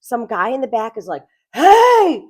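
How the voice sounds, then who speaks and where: A middle-aged woman co-hosting a podcast, telling a story in a casual, animated way and acting out the voices of others. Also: medium pitch, fairly quick. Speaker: podcast co-host.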